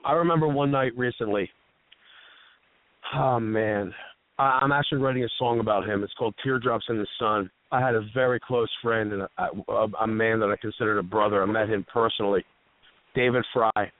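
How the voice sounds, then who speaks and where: A man's voice: fairly low pitch, fairly even intonation, a little fast, no room sound. Earnest man on a tinny line. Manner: earnest, emotional, heartfelt storytelling. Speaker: host. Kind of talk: casual radio talk.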